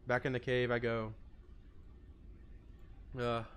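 A man's voice: medium pitch, monotone, takes it slowly, a bit bright, smooth. A young man live-streaming, chatting casually with a joking, sarcastic, swearing manner.

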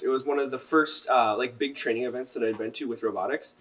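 Brisk teenage boy, a bit off-mic. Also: mid-range voice, fairly bright tone, husky, recorded from a distance, rough recording. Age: teens. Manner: polite, articulate, brisk. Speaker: podcast guest. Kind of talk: casual chat.

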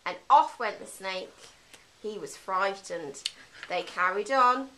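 A woman's voice: medium pitch, animated, slow, bright, forceful tone, a little hiss or hum, poor audio. A woman teacher telling a children's story simply and animatedly, with lots of character voices.

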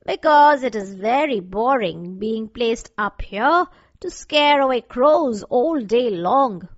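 A woman voicing a gentle, friendly male scarecrow who speaks slowly and earnestly in a storybook reading. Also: fairly high pitch, lively intonation, no room sound. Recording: dull dry lo-fi recording.

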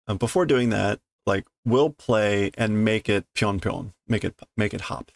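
A man reading a comic aloud and translating it as he goes, thinking aloud with halting restarts and fillers. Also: on the low side, creaky, no echo. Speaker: Japanese learner reading a comic on stream.

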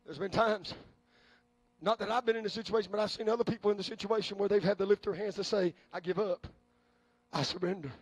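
A male preacher delivering a sermon, folksy and joking at times, building up to fervent shouting. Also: high voice, steady tone, fast, no echo. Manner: folksy, humorous asides.

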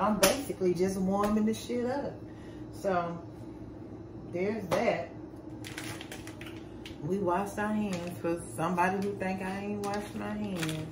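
A woman's voice: medium pitch, steady tone, takes it slowly, pauses often. A sleepy, exhausted woman vlogging casually with speech, laid-back and tired, chatting to viewers as y'all and swearing casually. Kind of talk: casual vlog chat to camera. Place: home kitchen, indoors. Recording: echoey room with background noise.

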